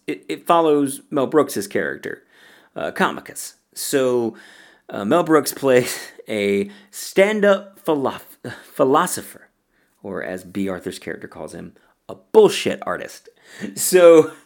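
A man hosting a podcast and chatting casually about films he loves, often breaking into laughter as he talks. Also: lowish voice. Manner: laughs often while talking. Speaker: podcast host. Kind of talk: casual film review chat.

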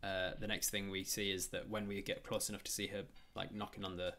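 A man's voice: low-pitched, little pitch movement, fairly quick, pushed and bright, slight background noise. Rambling male game master. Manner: rambling, with frequent ums and restarts. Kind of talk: narrating a tabletop game on stream.

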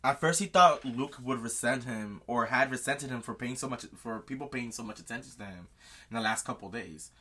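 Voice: mid-range voice, a little fast, bright, forceful tone, slightly rough. A podcast co-host animatedly retelling a book chapter in casual chat, swearing freely and acting out the characters.

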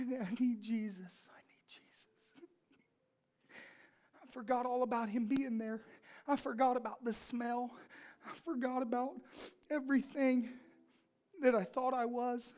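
Brief: woman preacher, fairly high pitch, emphatic storytelling sermon. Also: darkish tone. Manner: storytelling, emphatic, builds to fervent pleading.

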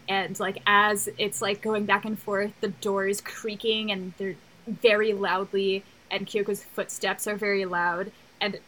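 A woman's voice: medium pitch, a bit bright, rough recording. Young woman, thoughtful chatty co-host, bit of background hiss. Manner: thoughtful, detailed, with fillers. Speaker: podcast co-host. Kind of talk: casual chat about an anime.

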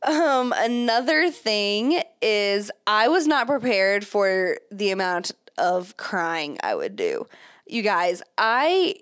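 A woman's voice: medium pitch, very animated, slow pace, fairly bright tone, clear, resonant tone, dry recording. Brief: young pregnant woman, podcast host, candid rambling chat, dead dry room. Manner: chatty, candid, many fillers and laughs. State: pregnant, third trimester. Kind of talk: casual chat.

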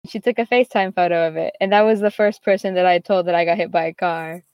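A woman's voice: fairly low pitch, fairly even intonation, fast talker, a little mellow, no room sound. A teenage girl chatting casually, telling a long story full of fillers and quoted back-and-forth. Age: teens. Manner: rambling, filler-heavy, quotes others. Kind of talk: casual chat.

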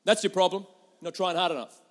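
Earnest preacher man, slightly high voice. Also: fast. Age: adult parent. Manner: earnest, acts out prayers in swings from loud to hushed. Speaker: pastor. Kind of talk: sermon.

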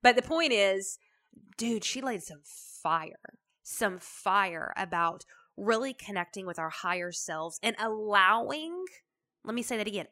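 A woman hosts a motivational podcast. Her voice is bright and forward, roughened by a gravelly fry. She talks in a chatty, folksy, emphatic way. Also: mid-range voice. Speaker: podcast host.

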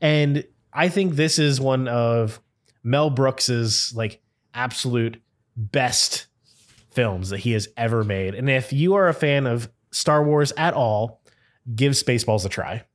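A man's voice: medium pitch, slow pace. A man co-hosting a casual podcast, telling a story in a rambling way, with frequent "like" fillers and bursts of laughter. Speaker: podcast co-host.

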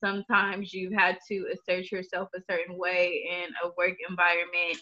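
A thoughtful woman guest in a casual podcast conversation, measured as she works through her points. Her voice is bright, and the audio is muffled and lo-fi. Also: fairly low pitch, completely flat delivery. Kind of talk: casual chat. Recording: dull lo-fi audio.

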